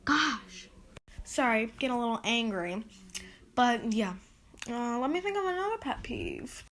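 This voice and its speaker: A woman's voice: a little high, animated, normal speed, slight background noise. A woman hosting a casual solo podcast, rambling and exasperated as she lists her pet peeves with lots of "like"s. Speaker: podcast host.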